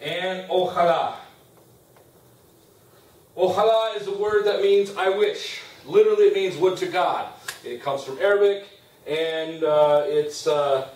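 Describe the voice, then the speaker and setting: A male teacher gives a classroom lecture, walking through each point patiently and pausing to ask "okay?". His voice sits a little high for a man. He is picked up from a distance, with the echo of a classroom around him. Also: darkish tone. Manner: explains step by step, checks in with "okay?". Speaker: Spanish teacher. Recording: roomy classroom sound from a distance.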